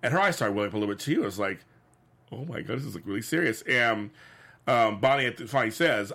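A man's voice: medium pitch, animated, fast, gravelly, sharp tone. A man in a casual chat recapping a sitcom episode, rambling with many restarts and fillers. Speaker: podcast co-host.

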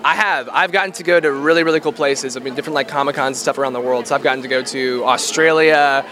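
A young man, a voice actor, answering interview questions in a relaxed, rambling way with many fillers, outdoors at a public venue. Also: medium pitch, fast, crowd noise. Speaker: voice actor guest. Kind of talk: casual interview.

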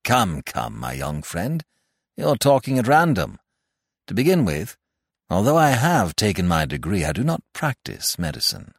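An unhurried, soothing older doctor with a low, quiet voice, wry and matter-of-fact, as a man reading a storybook puts him on. The reading is dry and close to the mic. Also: wildly swooping pitch, creaky, breathy edge, no room sound, full character voice. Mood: calm.

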